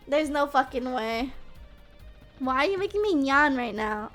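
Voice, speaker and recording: A woman's voice: high-pitched, animated, unhurried, sharp tone, faint music behind. A woman in her twenties chatting casually on a live stream, full of "like" and tag questions. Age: 20s. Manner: chatty, peppers speech with "like" and "yeah?".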